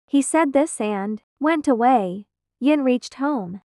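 A woman narrating a fan fiction story aloud in a plain, quick reading with small slips. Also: high-pitched, expressive, a little mellow, no room sound, studio quality.

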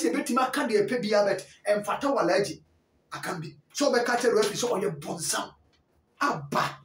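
Emphatic Ghanaian football commentator, echoey. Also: male voice, very high voice. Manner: emphatic, bursts of raised voice. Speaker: sports commentator. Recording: roomy echo, distant mic.

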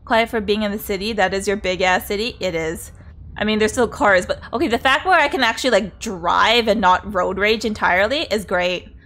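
A woman's voice: medium pitch, a little fast, fairly bright tone. A woman streamer chatting casually during a game livestream, greeting viewers, exclaiming at the game and laughing often.

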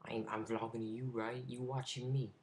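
A man's voice: mid-range voice, flat delivery, a little fast, a little hiss or hum, close to an everyday voice. A man voicing a defensive young street guy who feels judged, talking in slang.

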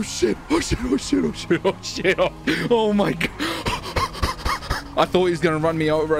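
A man in a frantic game roleplay, his voice sitting high and bouncing widely in pitch. He talks in panicked bursts full of swearing and exclamations, with faint music underneath. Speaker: streamer playing a robber in a roleplay game.

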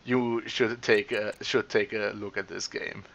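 A man's voice: lowish voice, little pitch movement, measured pace, vocal fry, fairly bright tone. A man playing through a retro game, who yelps, swears and talks back at the screen, then gives a rambling wrap-up full of restarts. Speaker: gaming channel host. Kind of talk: let's play commentary.

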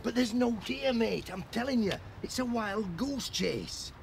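A man plays a coarse working-class gravedigger, full of crude banter. His voice is fairly high and swoops about with a gravelly edge. It is caught on location from some distance, echoey with noise behind. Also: lively intonation, unhurried, exaggerated voice. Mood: fed up. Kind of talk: film acting. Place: outdoors on location.

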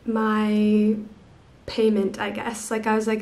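A woman's voice: mid-range voice, completely flat delivery, slow, a little mellow. A young American woman in her twenties, talking to her phone camera in a casual vlog, chatty and full of fillers. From United States. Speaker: vlogger. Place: outdoors on city streets. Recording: noisy street background.

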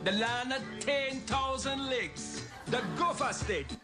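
An actor in a TV commercial playing a cheerful office man who puts on a Jamaican accent, with a slow sing-song delivery. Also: very high voice. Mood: cheery. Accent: put-on Jamaican. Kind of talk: TV commercial acting. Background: loud guitar music.

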